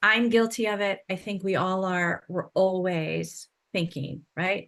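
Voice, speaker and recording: A woman sound healer, a guest on a podcast, calmly explaining her work and often checking in with "right?". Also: lowish voice, unhurried, creaky, few pauses. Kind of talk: interview conversation.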